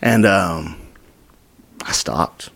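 A young man in his twenties from Utah, telling his story as a podcast guest, acting out quotes with whispers and sudden high bursts. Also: very slow, a bit bright. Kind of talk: storytelling in casual interview.

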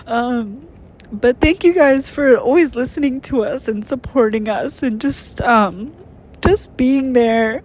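A woman's voice: on the high side, lively intonation, a little slow, darkish tone, a little hiss or hum. A young woman hosting a casual solo podcast, tearful and emotional, rambling with many fillers. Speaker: podcast host.

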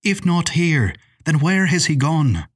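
A middle-aged professor speaks gently, with a worried edge, as a man reads him. The voice is husky, like a storybook reading. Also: fairly high pitch, very animated, measured pace, far from the mic, pitched above the performer's own voice, full character voice. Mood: gentle.

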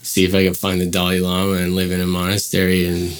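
A man's voice: low voice, monotone, fast talker. A man casually telling a personal story as a guest, rambling with many fillers and acting out quoted dialogue.

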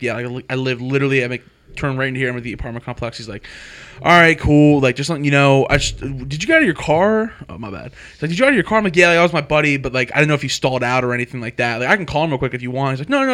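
A young man telling a story in casual chat, animated and full of swearing. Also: mid-range voice.

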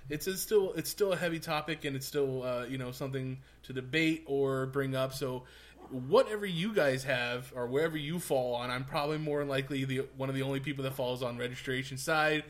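A man in casual podcast chat, arguing his side calmly with hesitant restarts. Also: medium pitch, fairly quick. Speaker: podcast co-host.

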